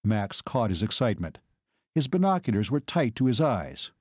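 A man narrating an audiobook in a measured, steady reading voice. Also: on the low side, husky, no room sound, studio quality. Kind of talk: scripted narration.

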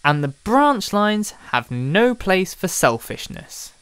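A storyteller voicing a stern, wise male diesel engine in a storybook video, with a measured, lecturing delivery. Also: mid-range voice, big pitch swings, a bit bright, clean tone, voice pushed up.

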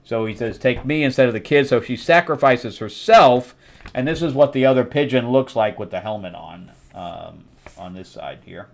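Middle-aged guy rambling through a comic recap, lots of uhs, average pitch. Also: vocal fry. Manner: rambling recap with fillers and quick acted quotes. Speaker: comic review host. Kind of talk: casual comic book review.

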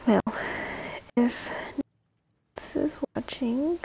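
A young woman hosts a late-night livestream in a drowsy, trailing-off way. Her voice sits a little high but runs rough and gravelly tonight, and her words come slowly. A faint hiss sits under the recording. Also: warm tone, low-quality recording. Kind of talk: casual late-night stream chat.

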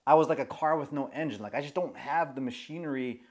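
A man's voice: medium pitch, quick pace. A man of about forty giving advice on social anxiety through a personal story, emphatic and constantly checking in with "okay?".

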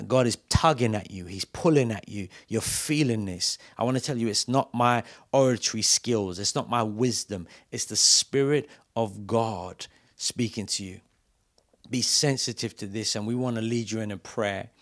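Male pastor, low register, passionate pulpit delivery with hushed asides. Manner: passionate preaching, swings from loud emphatic calls to quiet intimate asides. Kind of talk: sermon. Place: church.

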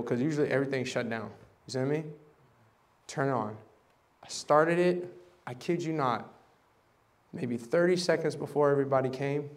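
A man preaching a sermon, animated and dramatic, acting out voices and swinging from loud bursts to hushed tones. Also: medium pitch. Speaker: pastor. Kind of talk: sermon storytelling. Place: church service.

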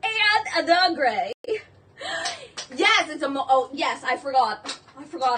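A woman hosting a live jewelry sale stream, gushing and excitable, exclaiming over each piece. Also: sits high, slow pace, far from the mic, slight background noise.

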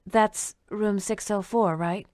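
Woman doing a young waitress, husky, polite, nervous, dry audiobook. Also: medium pitch, steady tone, slow pace, a little mellow, no room sound, lightly acted.

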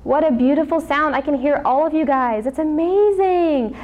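Brief: woman kids yoga teacher, upbeat and coaxing, slightly high voice. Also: fairly even intonation, a little fast. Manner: upbeat, coaxing, talks to children. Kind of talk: guided kids yoga class.

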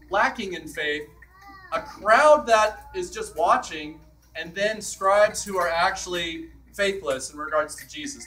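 A man's voice: high-pitched, bright, forceful tone, recorded from a distance, poor audio. A man preaching a sermon as a priest in a church, in a conversational way that acts out the scripture quotes.

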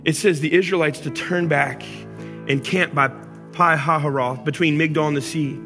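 Bright-voiced man preaching, animated. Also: on the high side, normal speed. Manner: animated, acts out angry complaints to God then drops to soft intimate tones. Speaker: pastor. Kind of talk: sermon. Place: church auditorium. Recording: church hall reverb with music.

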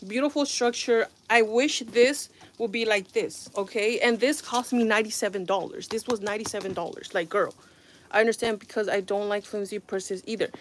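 A woman's voice: medium pitch, a little fast, a little hiss or hum. A woman vlogging at home with a phone camera, reviewing a handbag in a rambling, exasperated way with frequent sighs. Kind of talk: casual product review vlog.

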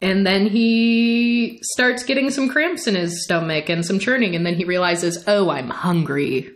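A woman's voice: medium pitch, unhurried. A woman co-hosting a casual podcast, summarizing a novel with frequent laughter and reading bits aloud. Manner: laughs often while recapping, reads passages aloud. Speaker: podcast co-host. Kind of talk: casual book discussion podcast.

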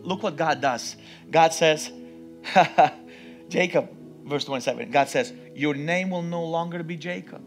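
A man preaching a sermon in a church, acting out the story with sudden shouts and hushed passages. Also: a little high. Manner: dramatic, acts out voices, swings between loud and hushed. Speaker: pastor. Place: church with live music underneath.

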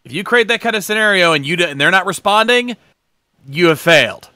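A man joining a casual discussion, his slightly high voice bright and lively. He stumbles over his opening words before landing his point firmly. The recording is dry. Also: fairly quick, no echo.

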